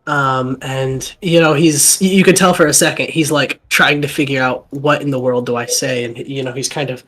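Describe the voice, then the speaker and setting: Give me a man of mid pitch narrating a tabletop game as dungeon master, halting and rambling. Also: steady tone, fairly bright tone, low-quality recording. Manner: rambling, halting, lots of fillers.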